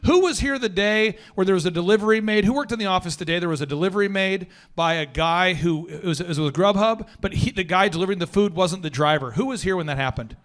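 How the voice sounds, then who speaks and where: A male podcast host with a notably high voice talks in a casual, slangy way. He is energetic and animated and leans hard into his storytelling. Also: quick pace, hardly any pauses.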